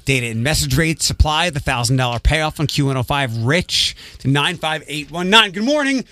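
A male morning radio host with a bright, forward voice, recorded close and dry at a studio mic. He moves between easy banter and quick, upbeat promo reads, keeping the show rolling. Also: on the high side, lively intonation, dry recording. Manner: brisk, upbeat promo delivery. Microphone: studio microphone.

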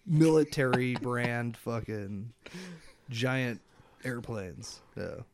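A man's voice: mid-range voice, drawn-out words, noisy background. A young man in casual banter with friends, laughing easily and often trailing off into mumbles. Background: friends chatting and laughing.

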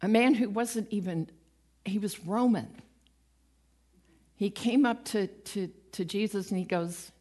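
A woman's voice: mid-range voice, unhurried, long pauses. A woman giving a conversational sermon, retelling stories with acted-out quotes and a light, self-mocking humor. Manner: lively storytelling, acts out quoted voices, laughs at herself. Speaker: preacher.

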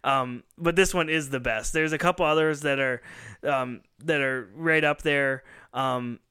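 A man's voice: mid-range voice, measured pace, pushed and bright, clean tone. A man hosting a pop culture show, casually retelling a story at length and acting out the lines he quotes. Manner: rambling storyteller who acts out quoted lines, laughs often. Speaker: podcast host. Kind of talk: casual chat.

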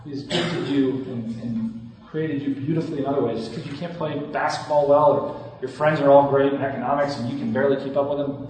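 A man's voice: medium pitch, darkish tone. A man in his thirties, a campus minister, giving an earnest, conversational talk to students with frequent restarts and asides. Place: large hall. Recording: echoey hall from far off.

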